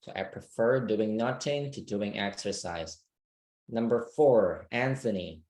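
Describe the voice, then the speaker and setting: A man's voice: fairly low pitch, unhurried, a little mellow. A man teaching an online English speaking class, patient and checking that students understand.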